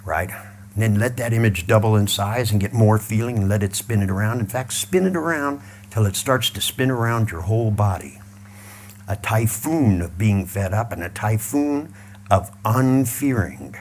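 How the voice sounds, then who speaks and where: A man leading a live audience through a mental exercise, mixing blunt swearing with calm repeated cues. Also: lowish voice, moderate pace, slight background noise. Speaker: seminar trainer.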